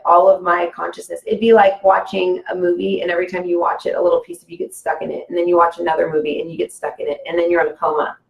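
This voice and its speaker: A woman's voice: lowish voice, gravelly. A woman talking casually as a guest about spiritual ideas, rambling and filling her talk with "like" and "you know.". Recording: echoey room.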